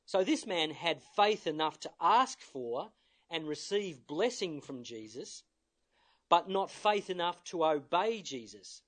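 A man preaching a sermon, earnest and measured, stressing his points through repetition and sometimes restarting with fillers. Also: fairly high pitch, fairly bright tone.

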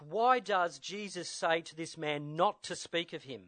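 A man preaching a sermon in an earnest, measured way, his voice sitting a little above the usual male range. He drives his points home by repeating key words and pauses now and then to restart a phrase. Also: on the high side, a bit bright. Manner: earnest, measured, with emphatic repetition.

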